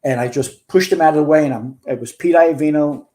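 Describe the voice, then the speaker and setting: Older man with a mellow, warm voice. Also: on the high side, brisk. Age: 60s. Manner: earnest storyteller, relives events in detail. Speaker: guest, retired fire chief. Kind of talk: recounting a firefight in a podcast interview.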